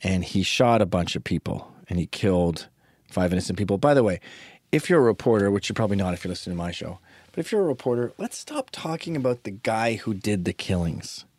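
A man's voice: fairly low pitch, expressive, quick pace, a little mellow, no room sound. A man hosting a podcast, talking alone in a sarcastic, crude, rambling way. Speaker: podcast host. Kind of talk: casual podcast monologue.

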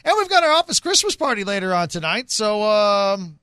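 A man's voice: sits high, moderate pace, smooth, no room sound. A man hosting a sports radio show, teasing his co-hosts in casual banter. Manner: playful, teasing, animated. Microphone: studio microphone.

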